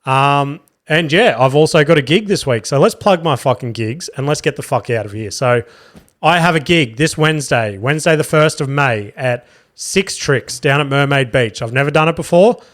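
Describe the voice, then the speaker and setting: Male podcast host, mid-pitched, loose and sweary, flat low energy. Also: moderate pace. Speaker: podcast host and stand-up comic. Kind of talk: casual podcast sign-off.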